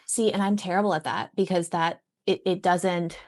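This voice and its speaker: A woman who writes and teaches writing, chatting casually on a podcast and pausing often to find her thoughts. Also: lowish voice, steady tone, a little mellow. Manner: thoughtful, trails off and restarts while thinking.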